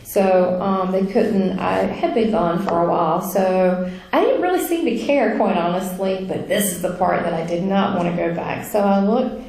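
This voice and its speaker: A woman telling her near-death story in a chatty, animated way, full of fillers. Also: medium pitch, normal speed. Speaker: speaker sharing a near-death experience. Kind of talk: casual spoken testimony. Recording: very echoey room.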